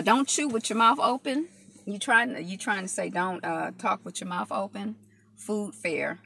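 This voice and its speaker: Bright, chatty woman live-streaming. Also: medium pitch, measured pace, vocal fry, breathy edge. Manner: chatty, reads out and answers viewer comments between bites; loose, rambling talk full of fillers. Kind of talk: casual mukbang live chat. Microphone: phone camera.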